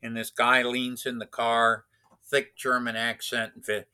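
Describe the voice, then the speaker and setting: A man tells a long anecdote in a casual, rambling way, circling back with restarts and fillers. He talks slowly, and his voice has a very bright tone. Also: mid-range voice, level tone, clear, resonant tone. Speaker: racing driver instructor. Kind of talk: casual storytelling.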